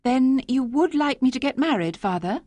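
A woman reading a story aloud, voicing a gentle, hopeful young village girl who speaks earnestly. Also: sits high, expressive, moderate pace, no room sound, pitched above the performer's own voice.

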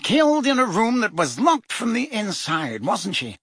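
Male reader doing a high, jittery, defensive wizard minister, husky edge. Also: wildly swooping pitch, a bit bright, no echo, clean studio sound, full character voice. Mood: weary. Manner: rapid, heated, rising pitch when pressed.

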